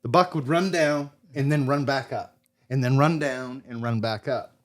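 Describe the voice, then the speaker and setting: A middle-aged man from Maine, a podcast guest telling a casual hunting story in an animated way and acting out what people said. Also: medium pitch, moderate pace. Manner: animated storyteller who acts out quotes.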